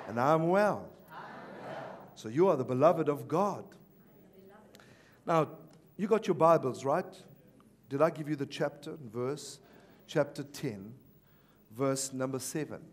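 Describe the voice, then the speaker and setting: A male pastor preaching a sermon at a church service, animated and repeatedly calling on the congregation to respond. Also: mid-range voice, measured pace, pauses often. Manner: animated, calls for audience response.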